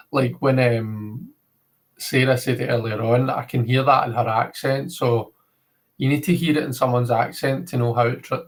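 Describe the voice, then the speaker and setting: A Scottish man chatting casually on a livestream, his voice sitting at an ordinary middle pitch. He rambles from one thought to the next, leaning on filler words as he talks to his viewers. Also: poor audio. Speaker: livestream host.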